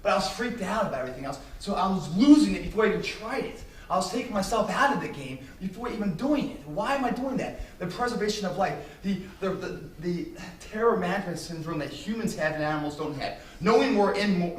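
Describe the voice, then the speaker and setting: A man's voice: high-pitched, lively intonation, fast, hardly any pauses, slight background noise. A man giving an emphatic, intense motivational speech to business students, swearing freely. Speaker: motivational speaker. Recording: echoey hall, distant mic, faint ambience.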